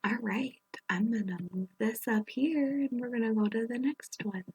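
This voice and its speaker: A woman teaching young children phonics, gently sounding out letters and words and encouraging them as she works through a worksheet. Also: fairly high pitch, moderate pace, slightly rough. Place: indoors at a table, camera on her worksheet.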